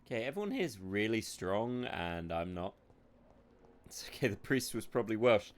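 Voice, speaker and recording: A man's voice: fairly low pitch, expressive, moderate pace. A man giving sarcastic, sweary commentary while streaming a video game live.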